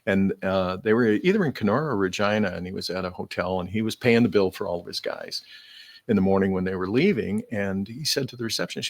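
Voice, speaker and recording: A man's voice: on the low side, fast, no echo. An older man as a studio guest, telling a story casually and acting out the quoted lines. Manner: animated anecdote teller, acting out quoted dialogue. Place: radio studio.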